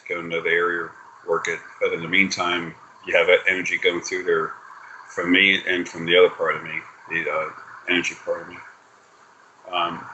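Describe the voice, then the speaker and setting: A man's voice: deep voice, bright, forceful tone, dull audio, a little hiss or hum. A man giving a casual spiritual reading over a video call, rambling and swearing, with many fillers and restarts. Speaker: spiritual reader.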